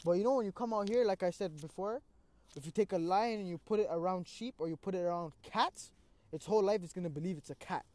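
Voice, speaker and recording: Animated young man telling a story. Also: sits high, fast talker. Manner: street slang, says "bro" often; animated, acts out his own cries. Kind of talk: casual storytelling chat.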